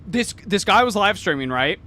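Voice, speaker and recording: A man from Kansas co-hosting a casual podcast chat, animated and profane, stumbling over restarts. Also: sits high, moderate pace, slight background noise. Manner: animated, swearing, many restarts. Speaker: podcast co-host.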